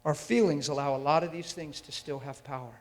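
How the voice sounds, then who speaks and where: Male preacher, high-ish voice, fiery and emphatic, long hall reverb on the mic. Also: fairly even intonation, fairly quick. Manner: intense and emphatic, with rhetorical questions to the audience. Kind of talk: sermon. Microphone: handheld or stand mic.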